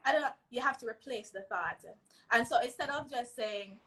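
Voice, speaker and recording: A woman's voice: on the high side, expressive, a little fast, fairly bright tone, rough recording. A woman, a mental health advocate earnestly giving advice in an interview, often checking in with "right?". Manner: earnest, emphatic, tags lines with "right?".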